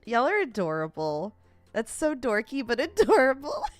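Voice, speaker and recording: A young woman streamer with a slightly high voice chats with her viewers at normal speed, giggly, animated and laughing often as she talks straight to chat. The recording is dry, with soft background music.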